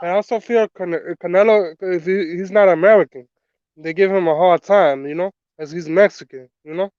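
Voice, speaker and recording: A man's voice: high-pitched, moderate pace, a little mellow, smooth, no room sound, highs cut off. A man on a sports talk panel speaking bluntly and swearing casually.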